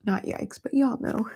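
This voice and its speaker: A woman's voice: a little high, warm tone, breathy edge. A woman hosting a devotional livestream, reading Bible verses aloud and chatting in an earnest, emotional way while fighting back tears. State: tearful. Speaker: host of a Christian livestream.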